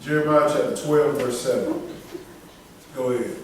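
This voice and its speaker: Preaching man in a booming echoey room. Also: moderate pace, distant mic, a little hiss or hum. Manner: emphatic, preaching in dialect with call-and-response to a reader. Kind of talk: sermon.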